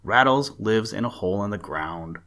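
A man's voice: lowish voice, animated, moderate pace, fairly bright tone. A man voicing a grinning old male frog in a storybook reading, teasing and matter-of-fact.

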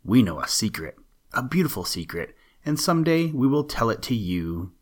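A man's voice: medium pitch, very animated, moderate pace. A man voicing the merry little breezes and sunbeams, teasing and cheerful in a singsong way, in a storybook reading.

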